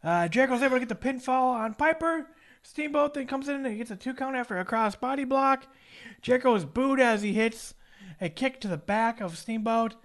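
High-voiced man recapping wrestling. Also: fairly bright tone. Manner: brisk play-by-play recap with joking asides. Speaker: podcast co-host. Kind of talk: casual wrestling recap chat.

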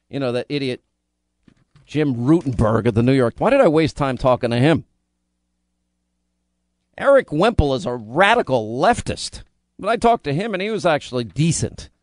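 A man's voice: mid-range voice, no room sound. A man hosting a talk radio show, delivering a combative, indignant monologue full of rhetorical questions into a studio microphone.

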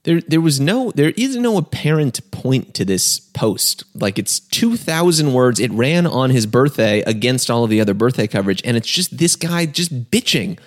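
A man's voice: mid-range voice, sing-song, normal speed, hardly any pauses. A man co-hosting a podcast in casual chat, laid-back with many fillers and crude jabs. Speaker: podcast co-host.

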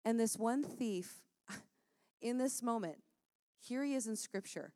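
A woman speaking earnestly and warmly in a conversational Christian talk, laughing often as she encourages listeners. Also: a little high, animated, measured pace, no room sound, clean studio sound.

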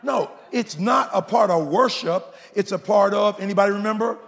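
A man's voice: sits high, moderate pace, vocal fry, long reverb tail. A middle-aged male pastor preaching a sermon, telling playful stories and calling out to the congregation. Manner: folksy preacher, playful storytelling, calls out to the congregation.

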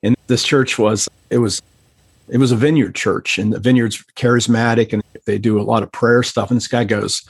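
Husky-voiced man telling a story. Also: mid-range voice, steady tone, normal speed, no echo. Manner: earnest, emotional. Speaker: podcast guest, pastor trainer. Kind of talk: conversational storytelling.

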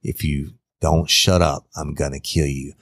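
A man doing a low, menacing kidnapper. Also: unhurried, husky, dry recording, studio quality, heavily acted. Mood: threatening. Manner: threatening, low and flat. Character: menacing male kidnapper, cold and brutal.

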